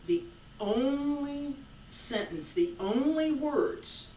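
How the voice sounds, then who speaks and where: A qigong instructor leading a guided breathing lesson in a calm, unhurried way, repeating a short phrase between long pauses. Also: high-pitched, slight background noise. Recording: roomy echo, distant mic, faint ambience.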